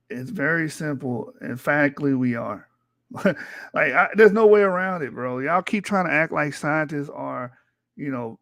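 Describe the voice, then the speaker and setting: On a streaming mic, a man with a somewhat high, slightly bright voice hosts a livestream where he reads from a textbook and fights back against it. His rebuttals are profane and build in intensity. The audio is dry and studio-clean.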